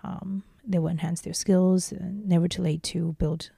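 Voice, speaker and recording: Gravelly low-voiced woman, earnest. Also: level tone, moderate pace, warm tone, dry recording, studio quality. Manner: earnest, repeats and restarts phrases. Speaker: startup CEO, interview guest. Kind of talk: casual interview answers.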